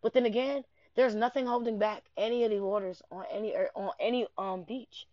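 A young woman telling a rambling, profane personal story in an animated way. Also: a little high, brisk, no room sound. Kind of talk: casual personal anecdote. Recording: dull lo-fi dry recording.

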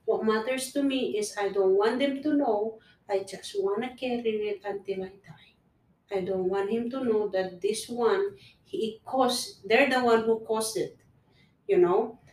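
Slow-spoken earnest woman in an echoey room. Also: fairly high pitch, a little mellow, recorded from a distance. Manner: earnest, repetitive, restarts phrases. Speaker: guest sharing personal story. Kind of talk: casual conversation. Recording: echoey room, voice set back from the mic.

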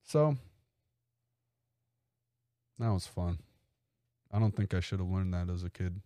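A man's voice: deep voice, unhurried, dark tone, dry recording, studio quality. A young man hosting a podcast, telling rambling, joking stories in a casual monologue. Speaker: podcast host.

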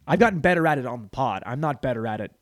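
A man's voice: medium pitch, lively intonation, rapid-fire. A man hosting a podcast, rambling crudely through a comedic monologue, with cluttered speech where his words tumble together, laughing at his own jokes. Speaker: podcast host. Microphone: studio mic on a stand.

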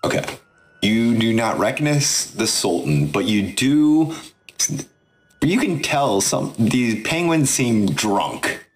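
A man running a tabletop game as game master, narrating in a relaxed, halting way. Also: mid-range voice. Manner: relaxed, halting, many restarts.

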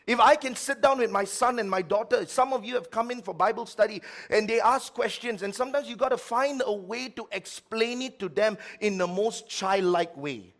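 A middle-aged man preaching a sermon as pastor, with lively swings between loud, emphatic lines and quiet ones. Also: high voice, normal speed, hardly any pauses.

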